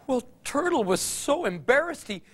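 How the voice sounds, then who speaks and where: A man telling a story for all ages in an animated way, chuckling along with the tale. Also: very high voice, moderate pace, husky.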